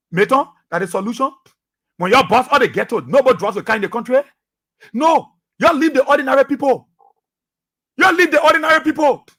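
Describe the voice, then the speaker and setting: A Liberian man with a Liberian English accent gives fiery commentary on a radio talk show, his voice strikingly high, bright and forceful. He preaches at listeners, repeating short phrases over and over to hammer each point home.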